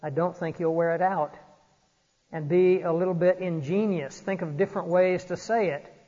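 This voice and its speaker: A man preaching an earnest, exhorting sermon from a church pulpit, often pausing on "uh". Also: high voice, steady tone, dark tone. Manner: earnest, exhorting, frequent "uh" fillers. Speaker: pastor. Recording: dull recording in a reverberant church hall.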